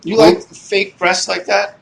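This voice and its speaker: A man's voice: sits high, flat delivery, slow pace, vocal fry, slight background noise. A man on a podcast, chiming in with blunt short remarks. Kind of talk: casual chat.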